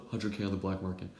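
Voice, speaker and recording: Young man telling a lively story. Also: on the low side, noisy background. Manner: animated storyteller, laughs often, many fillers. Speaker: podcast co-host. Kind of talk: casual storytelling chat. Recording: roomy echo.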